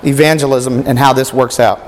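A man's voice: medium pitch, steady tone, a little fast, in a large hall, slight background noise. A man preaching a sermon who reads scripture aloud and asks his listeners rhetorical questions.

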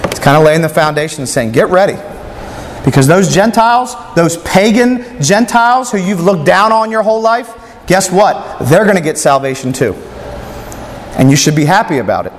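A man preaching a sermon in a fairly high voice, pressing his listeners with rhetorical questions as he works through scripture. His words ring out with a long reverb, and there is a faint hiss of noise underneath. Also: lively intonation, moderate pace.

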